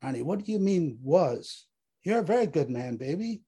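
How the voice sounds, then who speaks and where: A man's voice: a little high, big pitch swings, moderate pace, dark tone, breathy edge, voice pushed up, heavily acted. A man voicing a frantic, loving wife who pleads over the phone in a panicked way. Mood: pleading.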